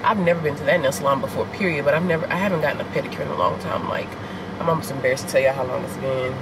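A woman's voice: extremely low pitch, very fast. Candid woman vlogging in a noisy car. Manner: candid, rambling, talks straight to viewers. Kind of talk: casual self-filmed vlog chat. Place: inside a car.

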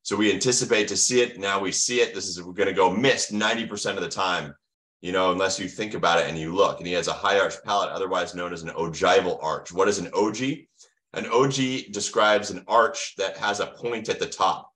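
A man's voice: deep voice, fairly quick, a bit bright. A middle-aged American man giving an online medical lecture, asking the audience questions and answering them himself with teacherly enthusiasm. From United States.

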